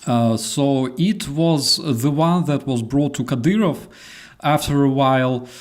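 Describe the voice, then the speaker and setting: A man with a Ukrainian accent hosting a casual chat, telling a story in a halting, relaxed way. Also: mid-range voice. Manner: halting, full of fillers and restarts, relaxed. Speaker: host.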